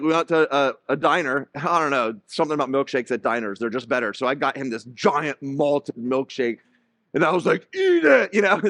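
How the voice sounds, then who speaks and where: Middle-aged male pastor, animated preacher who acts out quotes, higher-pitched voice. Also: no room sound. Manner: animated storytelling with acted-out voices. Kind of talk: sermon.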